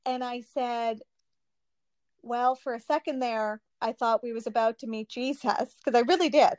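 A woman's voice: a little high, moderate pace, no room sound. A woman, a mother, animatedly retelling her testimony with frequent laughs. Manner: animated storytelling, laughs often.

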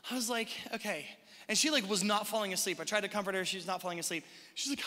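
A man preaching a sermon as a pastor, in a conversational, animated style with casual asides to the congregation. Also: high-pitched, racing. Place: large church hall. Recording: live sermon in a reverberant hall.

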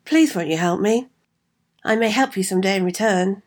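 A woman's voice: mid-range voice, moderate pace, darkish tone, lightly acted. A woman voicing the king of the ants, an earnest, pleading male insect ruler in a spoken storybook.

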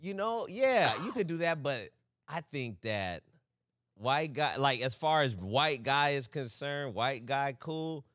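A man's voice: mid-range voice, lively intonation, slow, a bit bright, dry recording, clean studio sound. A man co-hosting a podcast in casual chat, teasing his friend and laughing often. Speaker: podcast co-host.

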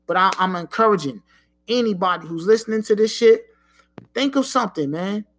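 High-voiced man talking frank street talk. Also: fairly quick, fairly bright tone. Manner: frank, profane street talk with frequent "you know what I'm saying". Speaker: podcast host. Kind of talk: casual solo talk.

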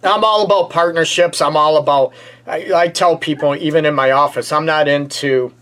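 A man's voice: fairly high pitch, steady tone, moderate pace, fairly bright tone. A man, a relationship counselor hosting a talk show, chatting casually and joking around. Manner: joking, plays out scenarios in a grumpy put-on voice. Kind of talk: casual podcast chat.

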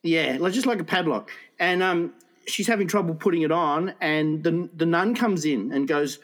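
A man's voice: fairly high pitch, moderate pace, a bit bright. Rambling man telling a story. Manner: rambling, laughs often, stumbles over words. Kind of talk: casual chat, telling a funny story.

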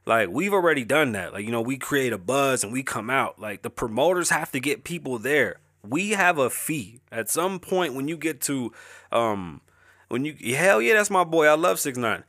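A man's voice: medium pitch, sing-song, normal speed, a bit bright, no echo, clean studio sound. Swearing, rambling young man host. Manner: loose, rambling, swears constantly; rapper, says he is an artist. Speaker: show host. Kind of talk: casual profane monologue.

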